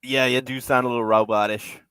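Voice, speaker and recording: This puppet-building livestream host talks in a flat, brisk manner from his home workspace, his mid-range voice fairly bright and clean with no echo. He rambles through casual chat while building, often repeating himself and chuckling.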